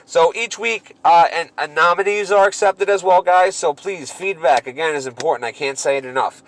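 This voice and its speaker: A man in his thirties co-hosting a casual podcast, telling stories in a profane, animated way. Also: fairly high pitch, normal speed. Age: 30s. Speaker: podcast co-host.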